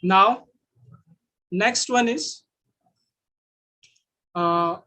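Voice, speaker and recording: A man with an Indian English accent teaching Mandarin sounds in an online class, repeating each sound slowly. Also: sits high, bright, forceful tone.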